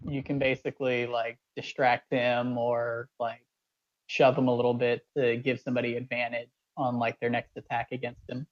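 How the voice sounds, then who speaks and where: A man playing a tabletop game, calmly explaining rules and calling his moves. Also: medium pitch, normal speed, dry recording, highs cut off. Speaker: player. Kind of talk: casual tabletop game chat.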